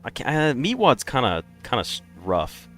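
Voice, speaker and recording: A man's voice: medium pitch, huge pitch swings, moderate pace, fairly bright tone, faint music behind. A man streaming a game, chatting casually and rambling through opinionated takes. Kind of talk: casual live-stream chat.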